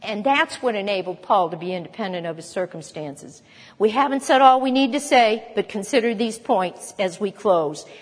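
A woman's voice: mid-range voice, animated, husky, in a large hall. A woman preaching a sermon, emphatic, asking rhetorical questions and repeating phrases for stress. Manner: emphatic, rhetorical questions, rapid mock chanting.

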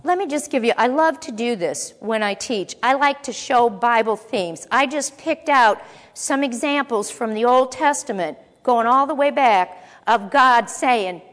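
A woman with a somewhat high voice delivers a sermon, reading scripture aloud and breaking off to explain it in plain, conversational asides. Her voice rings out with a long echo, as if in a large church hall. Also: measured pace, fairly bright tone. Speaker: Bible teacher.

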